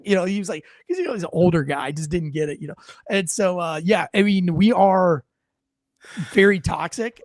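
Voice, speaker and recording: A man's voice: fairly high pitch, fast, a little mellow, no echo, studio quality. A middle-aged man hosting a casual live chat, telling rambling, profane stories and acting out what people said. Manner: rambling storyteller, swears freely, acts out quotes. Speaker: host, former police officer.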